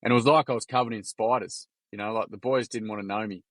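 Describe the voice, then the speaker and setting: A man's voice: fairly low pitch, steady tone, fast talker, a bit bright. A man in his forties with an Australian accent, a podcast guest telling candid stories in a casual, blunt way, peppered with swearing and slang. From Gold Coast, Queensland, Australia. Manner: blunt, swears freely, heavy on mate and like. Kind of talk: candid conversational storytelling.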